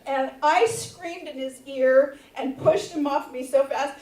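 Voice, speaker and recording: Her voice sitting high and her pace a little slow, a menopausal comic in her fifties tells an openly personal tale onstage in a theater to audience laughter. The distant recording carries a roomy echo and is very noisy, and her telling escalates into shouted reenactments.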